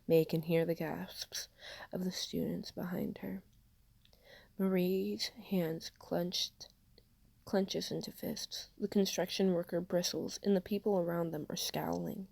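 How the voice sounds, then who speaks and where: Gravelly-voiced woman reading fan fiction. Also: lowish voice, fairly even intonation, unhurried, a little mellow, dry recording. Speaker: podfic reader. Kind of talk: fanfiction audiobook narration.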